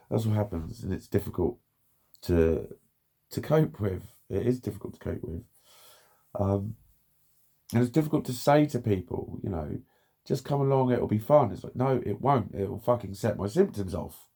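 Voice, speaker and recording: A man's voice: fairly low pitch, creaky, warm tone, breathy edge. A man talking bluntly and frustrated in a candid vlog monologue, swearing often and repeating himself. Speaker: vlogger.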